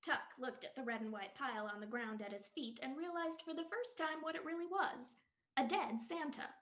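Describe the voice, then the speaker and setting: A woman reading a comic novel aloud for the library, in an expressive, animated storytelling style. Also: high-pitched, normal speed. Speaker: library staff reader. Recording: roomy echo.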